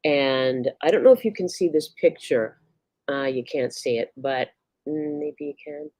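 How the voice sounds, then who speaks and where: A woman's voice: deep voice, a little slow, mellow, no room sound. A woman co-host and performer chatting casually and bubbly on a livestream video call.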